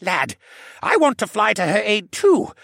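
A man voicing a formal, cautious old male koala archivist who speaks in a precise, placating way in a raised, husky voice. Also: high voice, wildly swooping pitch, unhurried, a bit bright, dry recording, clean studio sound, voice pushed up, exaggerated voice. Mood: urgent.

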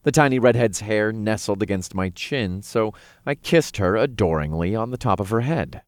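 A man narrating an audiobook in an expressive, playful reading. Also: on the low side, moderate pace, no room sound, clean studio sound.

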